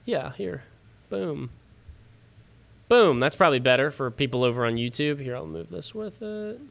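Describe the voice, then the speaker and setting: A man's voice: on the high side, animated, moderate pace, vocal fry. A man hosting a fantasy football livestream from his home studio, chatting loosely with viewers, swearing casually and sounding tired and yawning.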